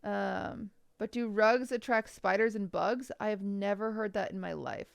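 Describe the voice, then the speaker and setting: A woman's voice: medium pitch, unhurried, gravelly, clean tone, dry recording, clean studio sound. A young woman streaming live, chatting casually and giving frank, blunt design advice, sometimes swearing for emphasis. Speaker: streamer reviewing viewers' bedrooms.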